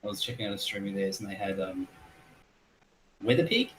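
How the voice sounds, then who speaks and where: Low-voiced Australian man, laughing a lot. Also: lively intonation, a little fast, slight background noise, poor audio. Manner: laughing often, storytelling. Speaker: guest. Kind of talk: casual chat on a live stream.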